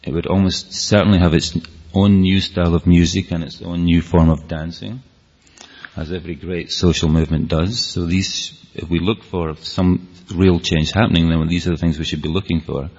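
A Scottish man addresses an audience in an earnest, rambling way, often beginning sentences again. His voice is low, husky and darkish, steady in tone at a moderate pace, and the hall recording is dull and lo-fi.

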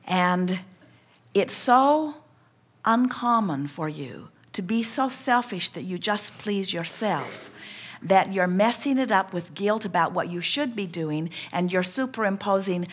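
At a spiritual seminar, a woman speaks as a collective "we," coaching a participant in a measured, reassuring way. Her voice sits in the mid-range with lively intonation.

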